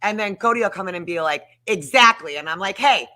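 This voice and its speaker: Woman guest, bright forceful tone, heated and emphatic, swears freely. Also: mid-range voice, fast. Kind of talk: casual chat.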